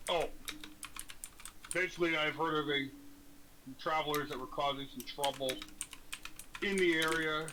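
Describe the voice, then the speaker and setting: A man's voice: fairly high pitch, fairly even intonation, unhurried, long pauses, noisy background. A man in a tabletop game casually explaining his character's motives. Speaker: player.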